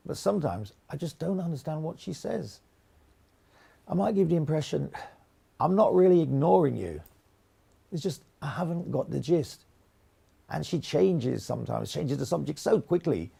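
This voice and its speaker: A man's voice: on the high side, lively intonation, normal speed, vocal fry, pauses often, mellow, breathy edge, exaggerated voice. An actor playing an older man with mild hearing loss, speaking plainly and reflectively in a scripted testimony. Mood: candid. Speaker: actor voicing a retired quality manager's testimony.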